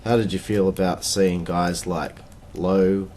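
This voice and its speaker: Australian male host, low voice, relaxed interviewer, faint hiss behind. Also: a little slow. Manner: short agreeing replies, steers the questions. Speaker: podcast host. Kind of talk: casual chat, interviewing.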